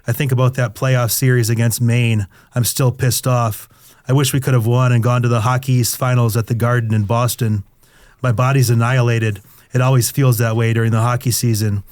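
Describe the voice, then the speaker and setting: A man's voice: medium pitch, darkish tone, dry recording. Man, middle-aged, memoir reading, confessional and blunt, dry close sound. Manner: candid, crude, confessional narration. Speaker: author reading his memoir. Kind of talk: first-person memoir reading.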